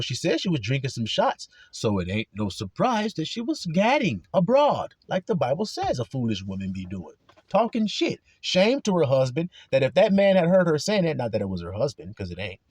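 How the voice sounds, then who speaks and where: A man's voice: medium pitch, darkish tone, husky, dry recording. A man preaching a blunt, profane religious monologue with heavy cursing. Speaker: religious speaker.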